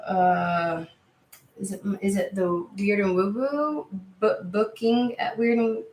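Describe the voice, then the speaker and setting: A woman's voice: medium pitch, slow pace, darkish tone, slight background noise. A woman hosting a tarot livestream, talking casually, swearing freely and reacting to viewer comments. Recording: roomy echo.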